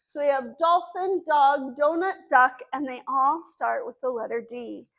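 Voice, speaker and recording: A woman's voice: high voice, a little slow, vocal fry, fairly bright tone. A woman children's librarian hosting an online story time. She gives cheerful, step-by-step instructions to small children.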